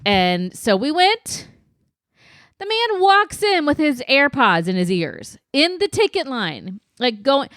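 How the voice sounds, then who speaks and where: A woman's voice: sits high, slow, dry recording. Podcast lady teasing her co-host, voice jumps all over, dry close mic. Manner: teasing, lively storytelling. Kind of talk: casual chat.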